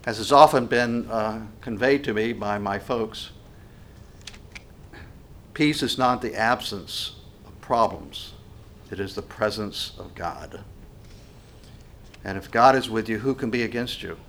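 A man's voice: on the low side, a little slow, long pauses, fairly bright tone, a little hiss or hum. Earnest male preacher, conversational. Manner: earnest, conversational preaching with many restarts and fillers. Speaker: pastor. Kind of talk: sermon.

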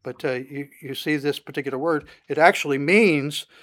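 Conversational Bible-teaching man, slightly high voice. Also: moderate pace, a bit bright. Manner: conversational, frequent "uh" fillers, rising emphasis on scripture.

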